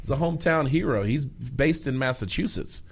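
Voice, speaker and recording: A man co-hosting a combat sports podcast, talking casually and quickly in bursts, often laughing. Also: medium pitch, slightly rough. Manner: animated, talks fast in bursts, laughs often. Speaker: podcast co-host.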